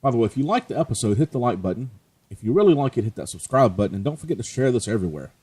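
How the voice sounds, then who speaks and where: A man's voice: medium pitch, very animated, racing, darkish tone, husky. A man hosting a let's play, chatting casually and joking at his own expense as he plays. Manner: chatty, joking, self-mocking. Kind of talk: casual gameplay commentary.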